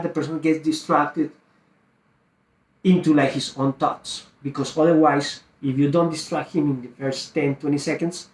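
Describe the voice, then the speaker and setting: Male sales coach, higher-pitched voice, acts out both ends of calls, roomy echo. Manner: acts out both sides of a phone call, lively and emphatic. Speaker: real estate wholesaling coach. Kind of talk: teaching a sales call script.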